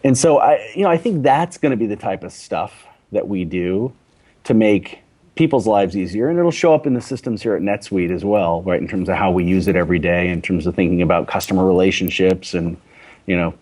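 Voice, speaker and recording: A man's voice: deep voice, a little fast, a little mellow. A middle-aged man, a company executive guest in a casual interview, chatty and often tagging on "you know" and "right?".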